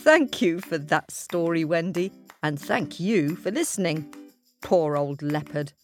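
A woman's voice: low-pitched, expressive, unhurried, a little mellow. A woman hosting a children's podcast who chats playfully with young listeners. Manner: chatty, playful. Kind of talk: friendly outro chat to young listeners. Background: music.

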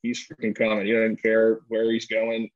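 A man's voice: lowish voice, completely flat delivery, moderate pace, no echo, lo-fi sound. A man co-hosting a casual sports podcast, rambling and restarting often, laughing easily. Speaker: podcast co-host, former player.

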